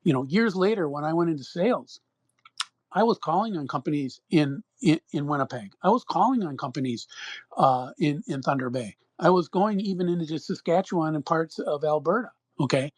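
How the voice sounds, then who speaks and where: This middle-aged man from Minnesota, USA, speaks on the high side, animated and at a moderate pace, in a dry recording. Co-hosting a podcast, he rambles through a lengthy personal story, performing the quoted voices as he goes.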